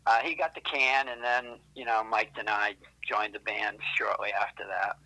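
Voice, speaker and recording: A man's voice: lowish voice, steady tone, moderate pace, vocal fry, pushed and bright, rough recording. A man being interviewed, telling rambling, profane stories with lots of self-correcting asides. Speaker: interviewed musician. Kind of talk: casual interview storytelling.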